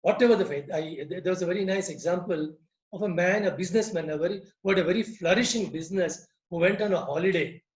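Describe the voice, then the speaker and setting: Earnest storyteller, echoey. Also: male voice, high voice, quick pace, muffled recording. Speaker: lodge speaker. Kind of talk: moral talk with storytelling. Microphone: video call.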